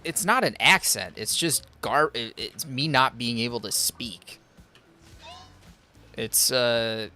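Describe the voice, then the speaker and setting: Bright-voiced rambling male streamer. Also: mid-range voice. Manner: rambling, self-deprecating, halting. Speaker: gaming streamer. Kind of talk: casual stream chat.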